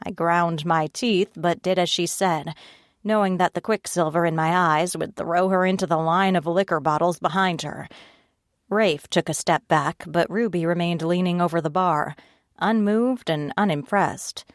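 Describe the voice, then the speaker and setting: A woman narrates an audiobook in a steady, measured way. Her voice sits a little low. The recording is dry and close, with no room sound at all. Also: no echo.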